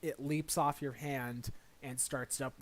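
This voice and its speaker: A man narrating a tabletop role-playing game as dungeon master, relaxed and halting, with fillers and restarts. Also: medium pitch.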